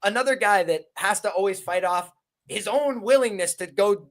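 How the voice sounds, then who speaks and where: Man, stream host, casual chat, animated storytelling, high voice. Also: moderate pace.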